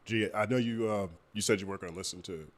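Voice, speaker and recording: A man on a podcast teasing his co-host in a dry, deadpan way. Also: lowish voice, quick pace. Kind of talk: casual podcast chat.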